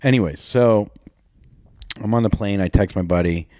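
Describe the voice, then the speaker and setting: A man's voice: on the low side, normal speed, dark tone, dry recording, studio quality. A man co-hosting a podcast, telling crude, joking stories in casual chat. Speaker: podcast co-host.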